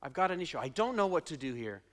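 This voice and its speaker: A man preaching a sermon as pastor, dramatic, acting out quotes and swinging from loud shouting to hushed asides. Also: fairly high pitch, very animated, quick pace.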